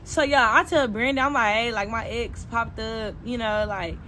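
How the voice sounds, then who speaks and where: Animated young woman telling a storytime. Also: fairly high pitch, moderate pace, slight background noise, poor audio. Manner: animated and expressive, acting out quoted dialogue. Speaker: vlogger. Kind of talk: casual storytime.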